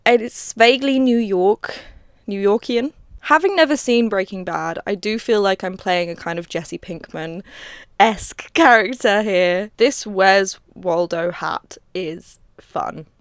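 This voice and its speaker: A woman's voice: mid-range voice, takes it slowly, smooth, no room sound, studio quality. A woman casually reacting to an old comedy sketch of hers, chatty and self-mocking and laughing often.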